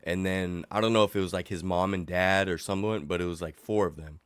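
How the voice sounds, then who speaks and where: A middle-aged man, sick and coughing, ranting in a casual livestream chat, sarcastic and animated. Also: low-pitched, brisk, clean tone, no room sound, studio quality. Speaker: livestream host.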